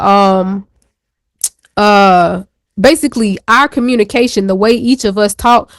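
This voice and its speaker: A woman talks candidly on a talk show, rambling through a personal story with easy slang and frank asides. Her voice sits at an ordinary middle pitch. It is recorded dry and close, with no room sound. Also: no echo. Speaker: show co-host. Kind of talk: casual chat.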